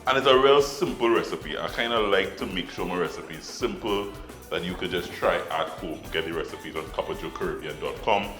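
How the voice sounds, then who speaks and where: A man's voice: low-pitched, fairly quick, fairly bright tone, echoey room, soft background music. A man hosting a cooking show, chatting casually and laughing easily as he cooks.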